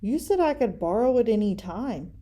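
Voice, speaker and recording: A woman voicing a gentle, apologetic young boy bear cub in a storybook reading. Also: on the high side, animated, moderate pace, natural voice. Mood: meek. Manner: meek, sorry.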